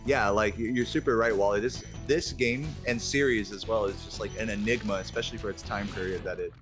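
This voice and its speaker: A man's voice: fairly low pitch, brisk, over music. Jokey chatty man commentating a speedrun. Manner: jokey, animated, rambling with lots of "like".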